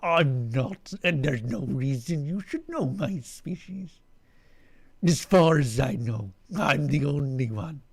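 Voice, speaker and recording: Man doing a towering alien, guttural, growling, slow, heavy, weary. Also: on the high side, lively intonation, gravelly, darkish tone, slightly rough, full character voice. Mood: blunt. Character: towering growling male cat-lizard alien.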